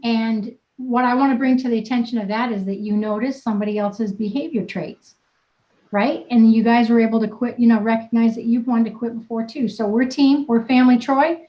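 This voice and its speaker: A woman's voice: on the high side, fairly even intonation, brisk, reverberant, highs cut off. A woman wellness coach leading a group video call in an upbeat, teasing, blunt manner. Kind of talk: casual coaching chat.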